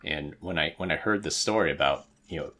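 A man co-hosting a podcast, speaking in a measured, analytical way in casual chat. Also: very deep voice, pushed and bright. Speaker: podcast co-host.

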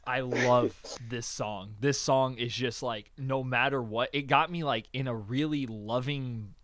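A man's voice: mid-range voice, fairly even intonation, a little slow, fairly bright tone, no echo. A man chatting casually as a podcast co-host, acting out quotes and swearing as he tells stories. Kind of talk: casual chat.

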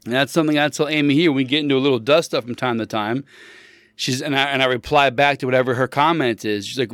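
A man's voice: mid-range voice, fast, clean tone, no echo, studio quality. A man hosting a show, telling a rambling story in a casual chat and often correcting himself mid-sentence. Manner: animated, emphatic when riled up.

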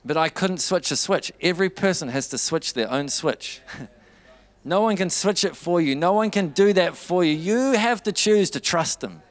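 A man's voice: high voice, expressive, normal speed. A man preaching a sermon, telling a story with quoted dialogue and building to fervent urging.

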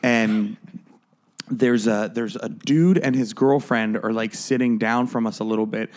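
A man's voice: lowish voice, unhurried, a little mellow. A man co-hosting a podcast in casual chat, rambling a bit as he tells a bar story. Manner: chatty, rambling with fillers. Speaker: podcast co-host.

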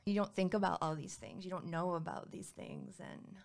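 A woman's voice: lowish voice, normal speed, creaky, hardly any pauses. A woman in her thirties telling a personal story in a candid, conversational way, with many fillers and quoted dialogue.

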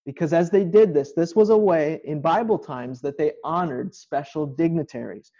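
A man's voice: fairly high pitch, moderate pace, dark tone, highs cut off. A male pastor giving an informal online sermon from a home kitchen, explaining scripture in a conversational way.

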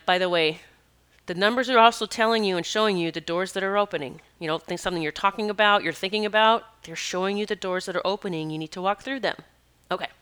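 A woman's voice: lowish voice, bright, forceful tone, smooth. A woman who works as an animal communicator and healer, telling a personal story in a rambling, conversational way with many asides.

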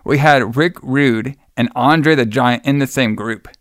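A man's voice: medium pitch, unhurried, no echo, studio quality. A man hosting a casual podcast chat, enthusiastic, rambling and profane. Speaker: podcast host.

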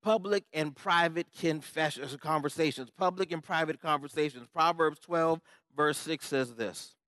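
Male pastor, high voice, dry close sound, emphatic repetitive preaching style. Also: moderate pace, sharp tone, no echo. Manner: conversational preaching with audience check-ins. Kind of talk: sermon.

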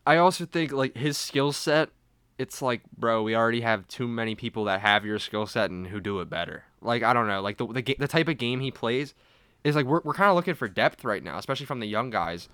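A young man with a smooth, resonant voice co-hosts a casual sports podcast. He gives blunt, opinionated takes, and his voice is close and dry. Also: mid-range voice, animated, brisk, fairly bright tone, no room sound. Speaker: podcast co-host.

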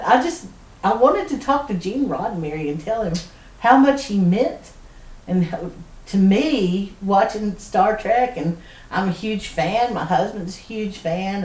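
A woman's voice: mid-range voice, a little hiss or hum. Middle-aged Southern woman, chatty podcast co-host, laughs through her tales, roomy room, mic set back. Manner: animated storyteller, laughs often mid-sentence. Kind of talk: casual storytelling chat. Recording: roomy sound from a distant mic.

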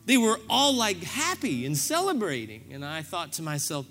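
Animated man preaching with lively pitch. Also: normal speed, few pauses, faint music behind. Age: middle-aged. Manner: storytelling with self-deprecating humor; animated, acts out his own reactions. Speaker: pastor. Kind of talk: sermon.

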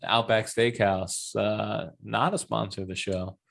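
Low-voiced man joking about a movie. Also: fairly even intonation, a little slow, gravelly, a bit bright. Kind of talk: casual movie review chat.

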